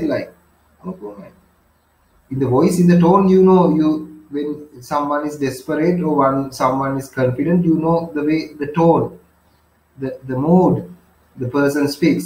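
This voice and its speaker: A male teacher with a fairly high voice explains a novel line by line. He restates things and keeps asking 'right?'. The sound is roomy and echoey. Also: darkish tone. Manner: repetitive, checking in with 'right?'; paraphrases and defines words.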